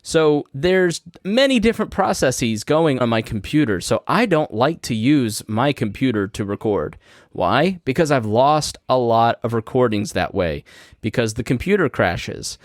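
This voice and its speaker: A man's voice: mid-range voice, expressive, measured pace, no room sound. Man explaining a podcast how-to, dry sound. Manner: conversational, walks through steps plainly. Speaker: podcast host. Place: home podcast studio. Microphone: studio microphone through a podcast mixing board.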